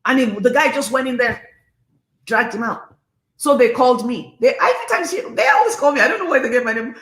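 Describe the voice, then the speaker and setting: A woman's voice: fairly high pitch, animated, fairly quick, a bit bright, reverberant. A Nigerian-accented woman in her fifties, hosting a casual livestream and talking in a passionate, emphatic, preachy way. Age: 50s. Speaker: livestream host.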